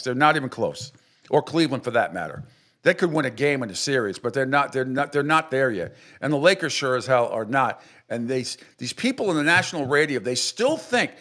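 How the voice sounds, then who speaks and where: A man hosting a sports radio show, ranting with strong opinions and mocking others in exaggerated high voices. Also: fairly bright tone.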